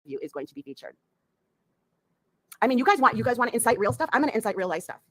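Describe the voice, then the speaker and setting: A woman's voice: on the high side, very animated, fast talker, fairly bright tone, no echo. A woman delivering a furious, profanity-filled rant, threatening and angry.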